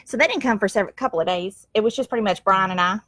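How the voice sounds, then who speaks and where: A middle-aged woman telling a family story on camera at home, lively and quick to laugh, with homespun phrasing. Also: medium pitch, no echo. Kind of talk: casual storytelling. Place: at home, goats nearby.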